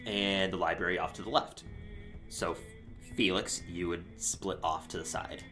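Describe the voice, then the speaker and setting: A man narrating as game master of a tabletop role-playing game, in a relaxed, rambling way with many fillers. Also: low voice, normal speed, over music.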